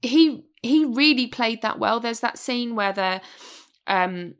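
A woman's voice: fairly high pitch, lively intonation, slow. A woman gushing emphatically about performances in a casual film review chat. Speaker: podcast co-host.

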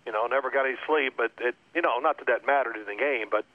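Male guest, former quarterback, heard over a tinny phone line; lively storyteller who acts out the voices. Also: medium pitch, fast talker. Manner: animated storyteller acting out coaches' shouting. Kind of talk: telling stories in a radio interview.

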